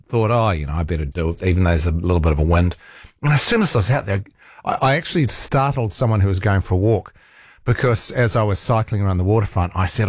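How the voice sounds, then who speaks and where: A man's voice: fairly low pitch, no room sound, clean studio sound. Chatty New Zealand talk radio man. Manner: chatty and rambling, with many fillers and restarts. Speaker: radio talk show host. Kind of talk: casual talkback chat. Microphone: studio microphone.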